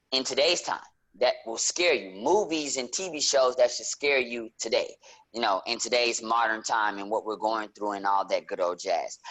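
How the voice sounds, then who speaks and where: A man hosting a casual nerd-culture podcast, talking animatedly and leaping into excited high notes. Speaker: podcast host.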